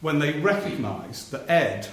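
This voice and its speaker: Male journalist on stage, slightly high voice, spinning political anecdotes, booming theatre echo. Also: big pitch swings, a little slow, a bit bright. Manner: storytelling, acts out politicians' voices for laughs. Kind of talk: live one-man stage talk with anecdotes. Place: theatre stage before a live audience. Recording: very echoey live theatre recording, faint noise. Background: audience laughter.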